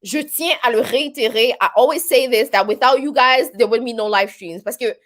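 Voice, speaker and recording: A woman's voice: on the high side, fairly quick, fairly bright tone. A woman with a Québécois French accent hosting a casual live stream, chatty and rambling, with many fillers. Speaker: live stream host reading viewer comments.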